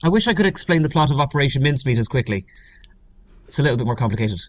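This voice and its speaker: A man's voice: medium pitch, lively intonation, rapid-fire, no echo, lo-fi sound. An Irish man, an actor, chatting in a friendly, articulate way as a guest over a video call. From Ireland. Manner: friendly, articulate, occasional restarts.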